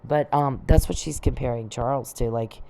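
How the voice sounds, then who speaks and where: A woman's voice: rumbling low, normal speed, vocal fry, mellow. A middle-aged woman in a casual monologue, agitated, swearing and rambling as she vents. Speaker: vlogger.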